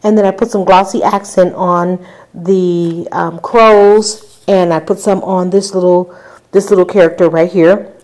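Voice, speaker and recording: A woman with a fairly low voice talks through her handmade album in a relaxed show-and-tell. She is chatty, fills pauses with ums, and turns aside to speak to her viewers. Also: rough recording. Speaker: crafter showing a handmade album. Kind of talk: casual show-and-tell tutorial.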